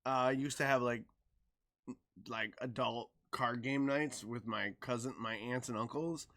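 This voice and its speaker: A man's voice: medium pitch, unhurried. A man co-hosting a podcast, telling a story in casual chat, swearing freely and acting out the people he quotes. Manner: animated, swearing, acts out quotes loudly. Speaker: podcast co-host.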